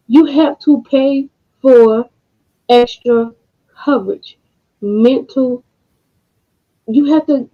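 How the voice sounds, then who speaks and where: A woman co-hosting an online talk stream, speaking with frustration and halting pauses, close to tears, with blunt profanity. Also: high voice. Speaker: co-host. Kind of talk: emotional commentary. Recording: dull lo-fi home recording.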